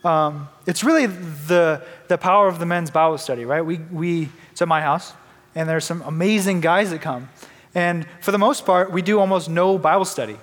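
A man's voice: a little high, moderate pace, fairly bright tone, in a large hall. A young man sharing a candid, conversational personal testimony in church, often restarting his sentences. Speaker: church member giving testimony.

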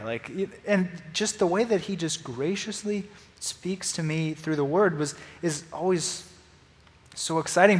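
A young man giving a casual, excitable sermon, rambling with lots of restarts and "like". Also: fairly high pitch, big-room sound. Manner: excitable, rambling, laughs and restarts, says "like" a lot. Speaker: youth preacher.

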